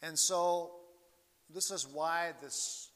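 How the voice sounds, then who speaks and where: A male pastor preaching with slow, earnest deliberation, his voice rising and sinking in volume. His tone is bright and fairly high for a man. The sound carries a long hall reverb. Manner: slow, earnest preaching with sweeping rises and drops in loudness. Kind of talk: sermon.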